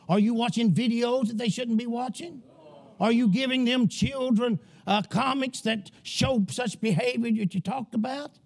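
A male preacher delivering a fiery sermon, often shouting and emphatic. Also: extremely high pitch.

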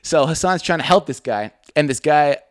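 A man's voice: a little high, moderate pace, no echo, clean studio sound. A young man, co-hosting a podcast and telling stories in a casual, swearing, giggly way. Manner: animated, swearing, giggling, mimics voices in stories. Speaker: podcast co-host. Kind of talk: casual storytelling chat.

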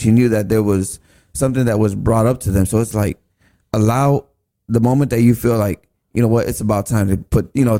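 Man, low, mellow, earnest, halting, church podcast guest. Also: creaky. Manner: earnest, halting, restarts often.

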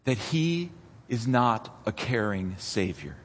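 Pastor preaching dramatically in a reverberant hall. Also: male voice, medium pitch, big pitch swings, takes it slowly. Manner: dramatic, rising to near-shouts in vivid retellings. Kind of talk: sermon. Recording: long reverb of a church hall.

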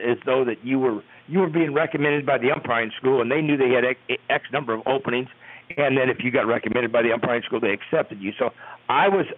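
Older man, retired umpire, rambling animated storytelling, husky voice, tinny phone line. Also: medium pitch, no room sound. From United States. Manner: rambling, animated retelling with restarts. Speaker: retired baseball umpire, interview guest. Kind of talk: storytelling in an interview.

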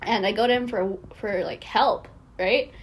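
A young woman co-hosting a podcast, telling lively stories, swearing and laughing often. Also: medium pitch, unhurried. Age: young adult. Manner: animated storytelling, swears a lot, laughs often. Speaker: podcast co-host. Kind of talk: casual chat.

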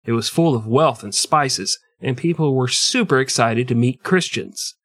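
A podcast co-host tells history as crude, joking comedy, slipping into mock voices. His medium-pitched, fairly bright voice moves at a normal speed, with a clean studio sound and no echo.

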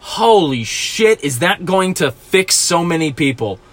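A man's voice: on the high side, very animated, unhurried, a bit bright. A man hosting a solo podcast from a small closet, ranting profanely and with exasperation. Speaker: podcast host.

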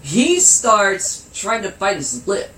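Giggly, high-voiced man telling a story. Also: wildly swooping pitch, slow, pushed and bright. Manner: giggly, laughs through his anecdote; swears freely. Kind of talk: casual storytelling. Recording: roomy, with faint background noise.

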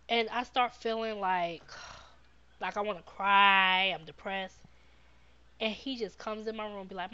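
A woman's voice: mid-range voice, a little hiss or hum. A woman hosts a live podcast and talks unhurriedly to her viewers, repeating her advice over and over to drive it home. The sound is dull and lo-fi, like a livestream. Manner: warm, repetitive encouragement, reads viewer comments. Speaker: podcast host. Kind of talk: live-streamed casual talk to viewers.

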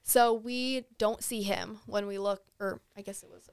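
A young woman, a podcast guest, telling a hunting story in a relaxed, chatty way with plenty of fillers. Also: medium pitch, a little slow, clean tone, dry recording, studio quality. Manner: easygoing, frequent fillers, animated when excited. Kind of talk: casual storytelling.

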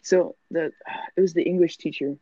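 A man's voice: fairly high pitch, steady tone, normal speed, dark tone, no echo. A young man telling stories in a casual, profane, joking chat. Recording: dull lo-fi sound.

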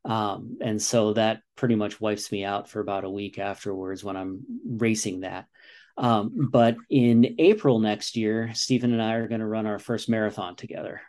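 Mellow-voiced American man in his forties. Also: lowish voice, steady tone, moderate pace. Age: 40s. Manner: earnest, explaining with repeated "you know". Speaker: guest, father and runner. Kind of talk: casual interview talk.

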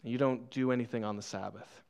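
A man's voice: medium pitch, steady tone, fairly quick, gravelly, darkish tone, clear, resonant tone, muffled recording. A young man preaching a sermon, telling a funny childhood story and laughing often at himself before turning to scripture. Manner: playful, laughs often, self-deprecating. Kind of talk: sermon with personal stories. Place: church.

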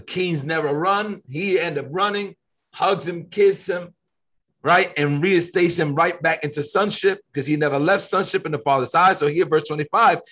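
This co-host of a faith discussion has a high, bright voice and a preacherly style. He teaches the Bible conversationally, emphatic and quick to stress his points.

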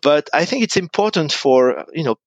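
A man's voice: a little high, expressive, normal speed, no echo, highs cut off. A man from France, a guest in a casual interview, talking with many restarts and fillers. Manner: hesitant, many repeated starts and fillers. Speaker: guest, technical evangelist.

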